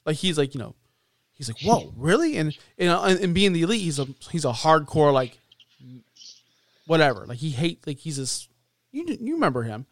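A man co-hosting a casual wrestling podcast, talking in an animated way and acting out quotes in a raised voice. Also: fairly high pitch, moderate pace, pauses often, dry recording. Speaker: podcast co-host.

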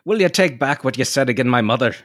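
A man's voice: mid-range voice, expressive, quick pace, a bit bright, no room sound, studio quality, voice pushed up. A man putting on a hot-headed Irish lad. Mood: angry. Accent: put-on Irish. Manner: exaggerated caricature brogue. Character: brash young Irish boy, hot-tempered.

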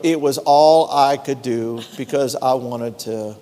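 A man's voice: a little high, little pitch movement, normal speed, few pauses, darkish tone. A middle-aged male pastor preaching a conversational sermon, drawing responses from the congregation. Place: church sanctuary. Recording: long hall reverb.

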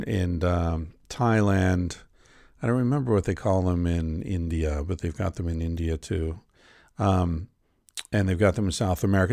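A middle-aged man riffs through a casual podcast monologue with a sardonic, profane edge. His voice sits low and gravelly. The sound is close and dry. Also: a little mellow, no echo. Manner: sardonic, profane, jokey rants. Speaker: podcast host. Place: lives in Portland.

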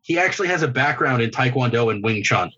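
Man, husky, muffled lo-fi mic, easygoing, hesitant casual chat. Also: mid-range voice, expressive, fast, sharp tone. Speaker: podcast co-host. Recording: dull lo-fi mic.

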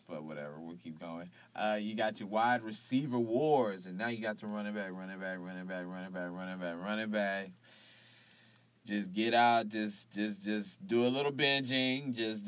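A man hosting a casual solo fantasy football podcast, laughing often, repeating himself and swinging from loud hype to low mutters. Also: no room sound.

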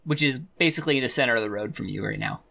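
A man narrating as game master of a tabletop game, animated and laughing as he describes the action. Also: medium pitch, rapid-fire, creaky.

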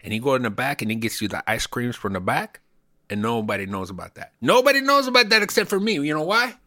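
A man's voice: medium pitch, very animated, sharp tone, no room sound, studio quality. A man in his forties voicing a boastful Hollywood insider, with an exaggerated fake movie-gangster Cuban accent and swaggering brags. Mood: bragging. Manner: swaggering, bragging, drawn-out "man" tags.

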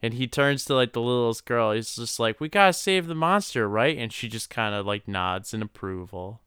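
Crude, laughing man with a crisp voice. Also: fairly low pitch, fairly even intonation, moderate pace, fairly bright tone, dry recording, studio quality. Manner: laughs often, crude, riffs on the plot. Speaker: podcast co-host. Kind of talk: casual comedic chat.

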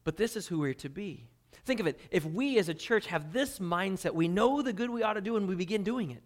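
A man's voice: high-pitched, expressive, a little fast. Fervent male pastor preaching. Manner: dynamic preaching, drops to quiet intensity then swells loud. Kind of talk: sermon.

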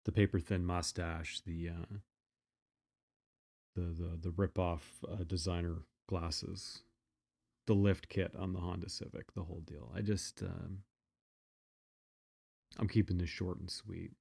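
A man's voice: low-pitched, level tone, measured pace, vocal fry, pauses often, darkish tone, slightly rough. A man telling a personal story in a casual, blunt, profane way, often restarting his sentences.

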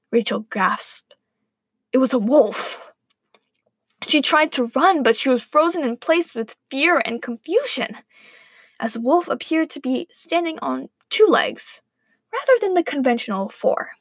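A woman's voice: a little high, husky, dry recording. A woman narrating a playful, wry story aloud.

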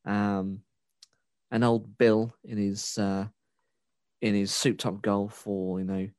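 A man's voice: lowish voice, flat delivery, slow, darkish tone, clean tone, no echo, clean studio sound. A man co-hosting a casual chat, ranting and swearing as he rambles with many restarts. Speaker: podcast co-host.

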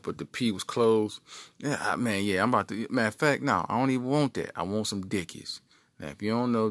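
A man, co-host of a podcast, telling an animated, joking story from his youth. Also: lowish voice, dry recording. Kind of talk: comic storytelling.

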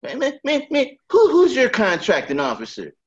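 A man mimicking an agitated male customer who stammers and protests in a high, rushed voice. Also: very animated, a bit bright, lo-fi sound, full character voice. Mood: pleading.

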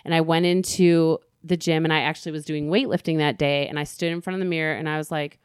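A woman's voice: low voice, steady tone, quick pace, clean tone, no room sound, clean studio sound. A middle-aged woman, a guest in an interview, speaking candidly and openly about her own life. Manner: candid, open, swearing freely.

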